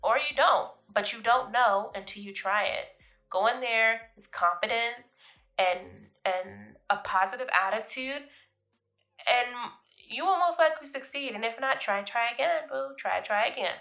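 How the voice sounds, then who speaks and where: A woman's voice: a little high, a little slow, creaky, sharp tone, soft background music. A woman hosting her vlog, giving casual, emphatic life advice, often laughing and calling listeners "boo". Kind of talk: casual motivational talk to camera.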